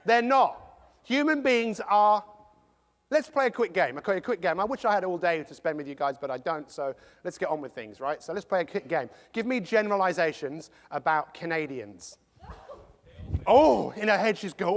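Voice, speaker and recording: English man, motivational speaker, high voice, jokey and animated, long hall reverb. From England. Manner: animated, jokey, acts out quick impressions. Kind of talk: live motivational talk to an audience.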